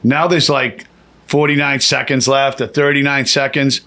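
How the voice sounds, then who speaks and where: A man tells a rambling story in casual chat. He swears freely and jumps up in pitch whenever he acts out what someone said. His voice sits at an ordinary middle pitch. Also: moderate pace. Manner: animated, profane, acts out quotes with raised pitch.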